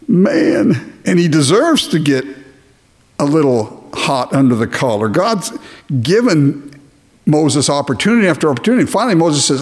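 A man preaching a sermon, animated and chuckling often, acting out little dialogues in his talk. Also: fairly high pitch, unhurried, pauses often. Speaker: pastor.

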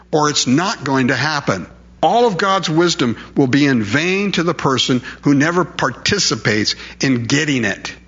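A man preaching a sermon, animated and full of rhetorical questions, acting out quotes in different voices. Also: medium pitch, slightly rough. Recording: dull lo-fi recording.

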